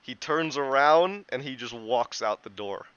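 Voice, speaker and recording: A man's voice: mid-range voice, lively intonation, a little slow, a bit bright, smooth, no echo. A man narrating a tabletop game as game master, in a loose, chatty way with many restarts. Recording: dull lo-fi, dry.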